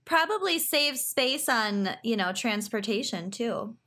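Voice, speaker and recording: A woman's voice: a little high, animated, unhurried, pushed and bright. A woman with a Minnesotan accent, chatting on a podcast and laughing often. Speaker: podcast guest. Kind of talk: casual podcast chat.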